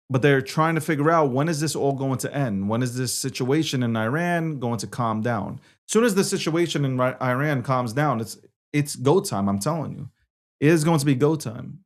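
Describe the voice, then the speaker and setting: Emphatic New York-born political host. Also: male voice, medium pitch, animated, moderate pace. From New York City. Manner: emphatic, repetitive, swings loud and soft. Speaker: show host. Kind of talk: opinionated political commentary.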